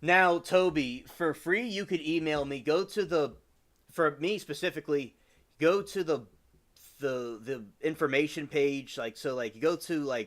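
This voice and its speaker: A man's voice: a little high, a bit bright. A man hosting a live stream, chatting casually with viewers and reading an article aloud, often stumbling and restarting over words. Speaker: livestream host.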